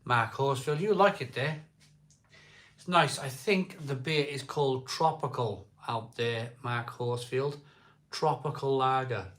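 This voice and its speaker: A man's voice: mid-range voice, a little slow, a bit bright. Welsh man, middle-aged, live stream host, chatty, jokey, reading out viewer comments. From South Wales.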